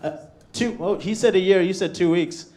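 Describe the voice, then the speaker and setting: A man's voice: high voice, moderate pace, a little mellow. A man performing a crude live stand-up set in a comedy club, brash and laughing through his punchlines.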